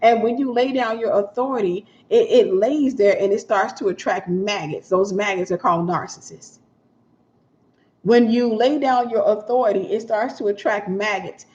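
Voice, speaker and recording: A woman's voice: medium pitch, moderate pace, a little mellow. A woman minister teaching a sermon in a conversational way, repeating her key points and acting out little scenes. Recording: dull lo-fi sound.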